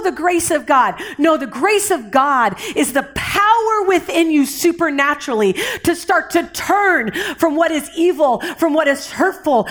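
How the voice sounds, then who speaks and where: Impassioned high-voiced woman preaching. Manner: impassioned, emotional, shifts between intensity and hushed whispers. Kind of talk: sermon.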